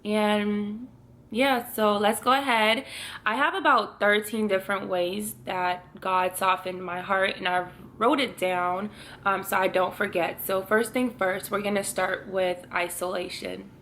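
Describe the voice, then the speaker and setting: A woman's voice: medium pitch, fairly even intonation, a little slow, a bit bright, slight background noise. A woman in her twenties talking earnestly to her viewers in a casual faith vlog, laughing now and then. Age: 20s. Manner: earnest, speaks straight to viewers, often laughing. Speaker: vlogger.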